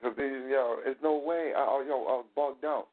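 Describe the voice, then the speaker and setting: A man tells a story for his talk show in loose, profane street slang and keeps it animated throughout. His voice sits at an everyday middle pitch. The sound is narrow and tinny, like a phone line. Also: fairly quick. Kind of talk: casual storytelling chat.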